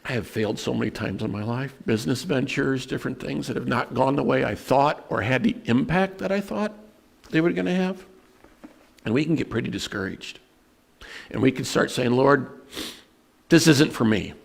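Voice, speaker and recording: A man preaching a sermon as pastor, telling personal stories in an earnest way and slowing down to stress scripture. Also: medium pitch, animated, creaky, husky. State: emotional at moments.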